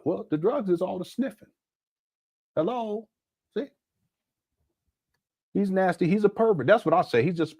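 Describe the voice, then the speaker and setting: A man's voice: on the high side, a little mellow, no room sound, studio quality. A middle-aged man from Southern California commenting on a video clip in a casual, incredulous, mocking way. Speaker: commentary channel host.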